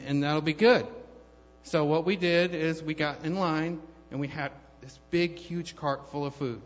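A man giving a personal testimony at church, telling his story in a rambling, conversational way with many fillers and restarts. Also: a little high. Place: church hall. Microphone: handheld microphone held too far off. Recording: long hall reverb, dull lo-fi sound.

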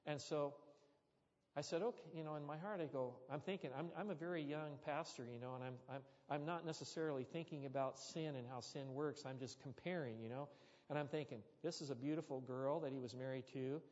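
A male pastor preaching a sermon, telling a story with animated, sudden loud bursts, recorded muffled in an echoey church hall. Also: a little high, fairly quick.

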